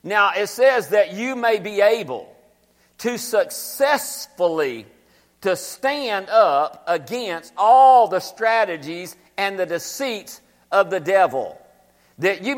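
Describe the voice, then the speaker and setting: High-voiced preaching man in echoey hall. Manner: preaching with call-and-response, repeating scripture lines. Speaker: pastor. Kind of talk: sermon. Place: church sanctuary.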